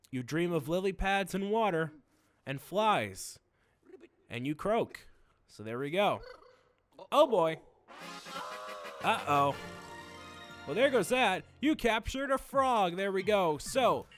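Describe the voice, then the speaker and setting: A man's voice: high voice, a bit bright. A man hosting a video game playthrough, rambling through jokey, self-mocking commentary. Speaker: host.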